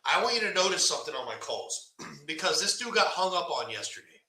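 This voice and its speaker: Blunt guy coaching on a podcast, super bright pushy voice, echoey room. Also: a little high. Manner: blunt, fast, animated, says "right?" often. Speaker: podcast host. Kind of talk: casual live-stream coaching talk.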